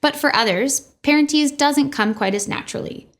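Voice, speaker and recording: A woman speech-language pathologist giving a scripted educational presentation in an upbeat, clear manner. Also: sits high, normal speed.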